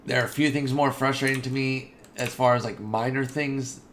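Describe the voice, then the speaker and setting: A man giving casual, chatty commentary over his own game playthrough, excitable and talking straight to his viewers. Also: mid-range voice, moderate pace, slight background noise. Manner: chatty and excitable, says dude and y'all. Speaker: gaming video host.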